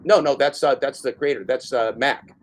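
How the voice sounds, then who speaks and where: Casual male host, profane, rambling, excitable, mid-pitched. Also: normal speed, slight background noise. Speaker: show host. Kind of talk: casual chat.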